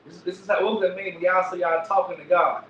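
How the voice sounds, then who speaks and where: A man's voice: high-pitched, flat delivery, fast, a bit bright. A man teaching the Bible in an emphatic preaching style, often asking "right?" to his listeners. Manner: emphatic, repeats lines, asks "right?" often. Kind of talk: street-preaching bible lesson. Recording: echoey, distant, dull lo-fi recording with faint noise.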